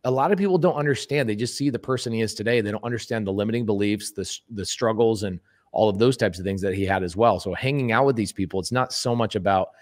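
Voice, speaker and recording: A man talking as a guest on a podcast, emphatic and animated, who acts out quoted speech and repeats words for emphasis. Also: on the low side, fast talker. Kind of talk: casual podcast conversation.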